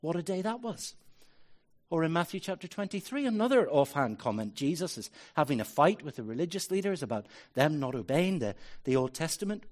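A man's voice: fairly high pitch, sing-song, a little fast, hardly any pauses. A man preaching a sermon as a pastor, earnest and building to emphatic rhetorical questions.

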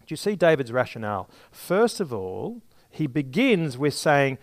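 A man's voice: a little high, sing-song, moderate pace, no room sound. A male preacher from giving a sermon, explaining a Bible passage with everyday examples and some restarts.

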